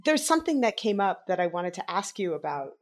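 Low-voiced woman podcast host. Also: big pitch swings. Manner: measured, reads quotes aloud carefully. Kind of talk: prepared interview questions.

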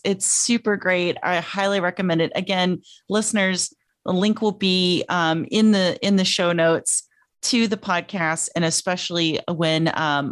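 A woman's voice: fairly low pitch, no echo, studio quality. A woman hosting a podcast, chatting casually and with enthusiasm. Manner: bubbly, enthusiastic. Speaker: podcast host.

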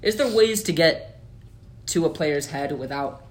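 A man co-hosting a casual sports podcast, opinionated and animated, with lots of fillers. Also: a little high, a little slow, a little hiss or hum. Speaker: podcast co-host.

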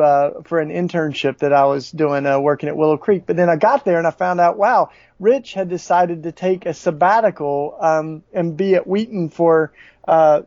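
A man with a Southern US accent, a podcast guest telling stories in a halting way with many restarts. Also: fairly high pitch, darkish tone, no room sound. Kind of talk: conversational storytelling. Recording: dull, dry lo-fi audio.

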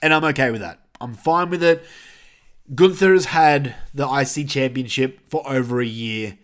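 A man's voice: mid-range voice, normal speed. A man hosting a casual review podcast, talking bluntly with plenty of swearing and rambling asides. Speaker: podcast host.

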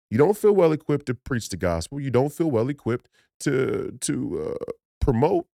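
A man's voice: fairly high pitch, darkish tone, no echo, studio quality. A man from Minnesota hosting a podcast, delivering an emphatic, preachy political monologue with many restarts and repeated phrases. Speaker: podcast host.

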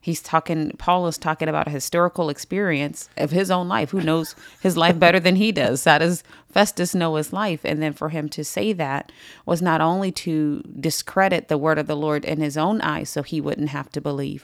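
Casual: low raspy lady teaching bible study, keeps stressing words, dry sound. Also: normal speed, no room sound. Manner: emphatic, repeats phrases for stress.

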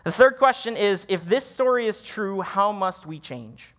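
A man's voice: sits high, expressive, unhurried, a bit bright, in a large hall. A male pastor preaching a sermon in a conversational, self-deprecating way. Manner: conversational, laughs at himself.

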